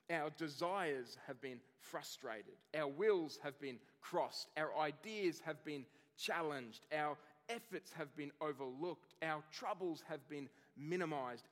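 A man's voice: on the high side, a bit bright. Earnest male preacher in a reverberant hall. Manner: earnest, builds through lists with rising emphasis. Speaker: pastor. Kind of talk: sermon.

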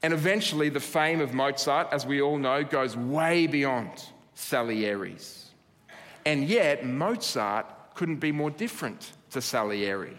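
A man's voice: mid-range voice, expressive, a little slow, a bit bright. Earnest male preacher in a reverberant hall. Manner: earnest, builds emphasis through repeated phrases. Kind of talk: sermon.

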